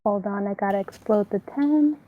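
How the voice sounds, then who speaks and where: A woman's voice: medium pitch, normal speed, phone-quality sound. A woman playing a tabletop role-playing game, talking casually with fillers. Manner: casual and chatty. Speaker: player.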